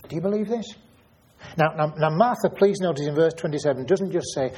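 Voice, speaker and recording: A man's voice: on the high side, lively intonation, normal speed, pauses often, a little mellow, slightly rough. A man preaching a Bible study sermon, thinking aloud and asking questions, often repeating his words.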